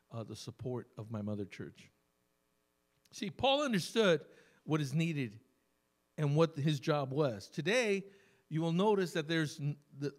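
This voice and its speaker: Brief: male pastor at a church service, slightly higher voice, chatty storytelling sermon with slow emphatic stresses.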